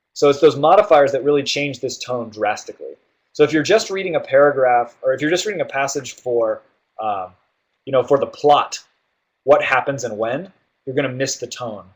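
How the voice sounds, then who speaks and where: A male tutor walking students through reading question types, explaining in an easygoing way with many fillers and "right?" checks. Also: mid-range voice. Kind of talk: guided test-prep walkthrough.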